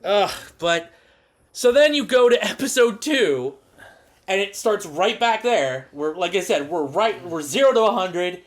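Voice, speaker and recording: A man co-hosting a podcast, recapping an old episode in casual chat, swearing and mocking characters with quick put-on voices. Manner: profane, animated, mocking quotes in high put-on voices. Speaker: podcast co-host.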